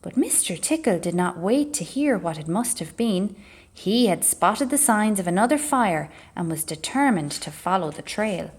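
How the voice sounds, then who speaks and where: A woman reading a children's storybook aloud as a library storyteller, expressive and measured. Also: medium pitch, slightly rough.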